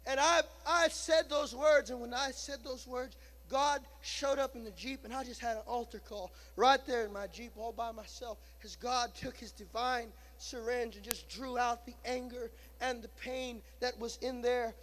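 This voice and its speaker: A male pastor preaching a sermon in a repetitive cadence, moving between hushed and loud passages. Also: extremely high pitch, fairly even intonation, normal speed, a little hiss or hum, poor audio.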